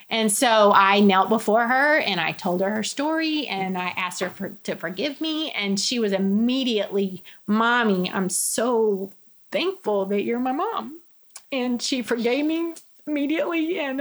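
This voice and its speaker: A middle-aged woman with a fairly high voice tells her own story in conversation. She is earnest and candid, and she acts out what other people said in lively voices. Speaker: guest sharing her testimony. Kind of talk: personal testimony in conversation.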